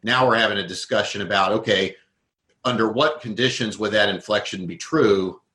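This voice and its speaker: Low-voiced man explaining in an echoey room. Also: normal speed, bright, forceful tone. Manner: thoughtful, explains with worked examples. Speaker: guest. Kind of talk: conversational interview.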